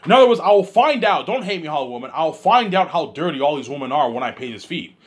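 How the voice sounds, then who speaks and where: A man talking alone in a rambling monologue, repeating himself and swinging between loud outbursts and low mumbles. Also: very animated, quick pace, breathy edge. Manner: repetitive, keeps saying "you know what I'm saying". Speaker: host of his own listening series.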